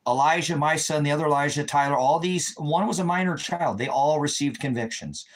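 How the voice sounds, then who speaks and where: A man's voice: on the high side, fairly quick, low-quality recording. A middle-aged man delivering an agitated, ranting monologue to his viewers. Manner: agitated, ranting, shouts in retold quotes. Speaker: ministry video host. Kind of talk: impassioned monologue.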